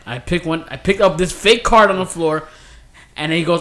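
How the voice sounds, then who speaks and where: A man co-hosting a casual podcast, telling stories in an animated, excitable way. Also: a little high, fast talker. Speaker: podcast co-host. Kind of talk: casual chat.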